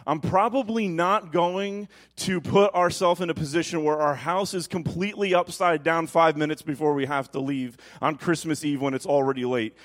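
A pastor in his thirties delivers a lively sermon in a church. He tells stories with animation, then drops soft and low whenever he quotes God.

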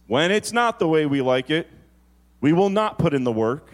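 A man preaching a sermon as pastor, moving from quick storytelling to slow, drawn-out emphasis on key phrases. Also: a little high, lively intonation.

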